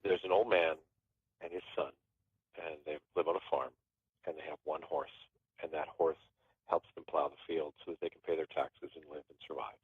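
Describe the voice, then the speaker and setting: A man's voice: rumbling low, steady tone, moderate pace, husky, no room sound. A man telling a story as a podcast guest in a casual, rambling way, often restarting his phrases. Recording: tinny phone-line sound.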